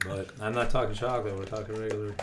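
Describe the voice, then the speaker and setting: A man's voice: lowish voice, fairly even intonation, quick pace. Joking man over heavy noise. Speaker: candy taste-test panelist. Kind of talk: casual chat. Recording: loud background noise.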